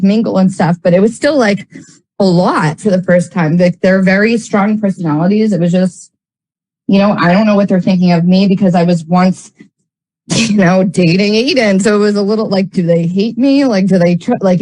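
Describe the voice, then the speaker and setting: A woman's voice: mid-range voice, a little mellow, poor audio. A woman in casual storytelling, rambling with lots of filler words and blunt, frequent swearing. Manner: rambling, heavy use of "like" fillers.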